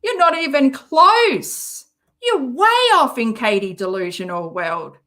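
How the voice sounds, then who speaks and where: A woman's voice: fairly high pitch, takes it slowly, fairly bright tone. An Australian woman hosting a commentary channel, reacting to a clip in a sarcastic, mocking way and swearing often.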